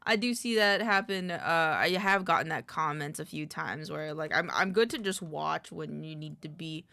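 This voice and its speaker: A woman's voice: low voice, normal speed, gravelly, bright, forceful tone, no echo. A woman streamer in casual live-stream chat at a desk microphone, rambling, muttering lists to herself and greeting her chat.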